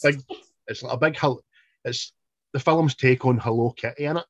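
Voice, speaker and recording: A man's voice: medium pitch, normal speed, dry recording, highs cut off. A man co-hosting a casual film review podcast, laughing often and quoting lines in put-on voices. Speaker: podcast co-host.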